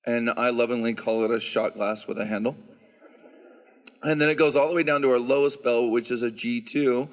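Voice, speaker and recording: A man who directs a handbell choir, answering audience questions at a concert and explaining the instruments in a relaxed, chatty way with frequent "um"s. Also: mid-range voice, normal speed. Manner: explanatory, relaxed, lots of "um" fillers. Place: church sanctuary. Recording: reverberant church hall.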